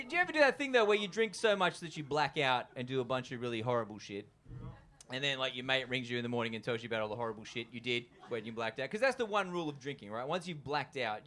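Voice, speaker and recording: Chatty Australian stand-up comedian. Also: male voice, medium pitch, fairly bright tone. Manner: chatty, loose, lots of fillers and asides to the crowd. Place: comedy venue with a live audience.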